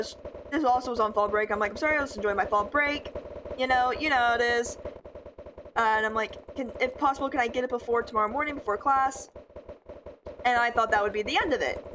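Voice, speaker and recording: A woman's voice: on the high side, background noise. A teenage girl telling a storytime anecdote over gameplay footage, full of "like" and "I'm like". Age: teens. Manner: chatty, lots of "like" and "I'm like". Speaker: gaming vlogger.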